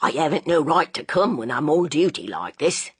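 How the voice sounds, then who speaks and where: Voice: medium pitch, very animated, slightly rough, no room sound. A narrator doing a sheepish young detective. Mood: earnest. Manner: slow, earnest, working-class speech. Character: young man, a detective, sheepish and good-natured.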